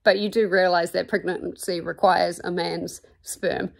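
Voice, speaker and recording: A woman with a New Zealand accent reading the lines of a strong-willed young woman scientist, calm and defiant. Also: lowish voice, measured pace, gravelly.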